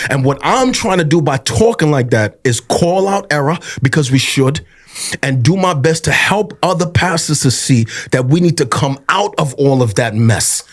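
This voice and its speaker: A pastor speaking earnestly and passionately in a podcast conversation, repeating himself as he presses his point. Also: on the high side. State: tearful at times.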